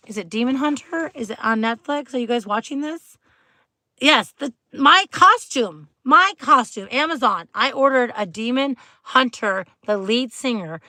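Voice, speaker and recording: A middle-aged woman chatting on a late-night live stream, her voice bright and a touch high. She rambles from one aside to the next, laughs often and greets viewers by name. The sound is close and dry, with no room echo. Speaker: livestream host.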